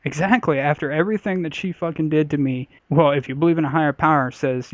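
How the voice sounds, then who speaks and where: A man's voice: on the high side, fast, hardly any pauses, no room sound. A man in casual podcast chat, talking bluntly and crudely and padding his story with fillers. His voice is dry and close, with a slightly dull, muffled sound. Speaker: podcast co-host.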